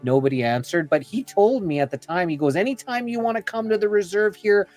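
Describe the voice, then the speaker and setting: A man with a high voice speaks fairly quickly over faint music. As a podcast guest, he tells a long story from his life in a chatty, digressive way, leaning on "like" and "you know" and acting out the conversations.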